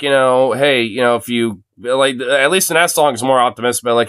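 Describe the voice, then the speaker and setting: Young male streamer host, casual swearing rambler, smooth dry tone. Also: medium pitch, normal speed, few pauses, a bit bright, no room sound. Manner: rambling, laughs often, swears freely. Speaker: streamer host reacting to videos. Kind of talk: casual reaction chat.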